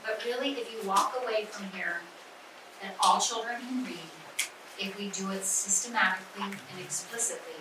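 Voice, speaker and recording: A woman's voice: mid-range voice, moderate pace. Woman workshop leader, earnest and emphatic, distant mic in a very echoey, noisy room. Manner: earnest, emphatic, repeats key words. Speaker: teacher trainer. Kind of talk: workshop talk with questions. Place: conference room.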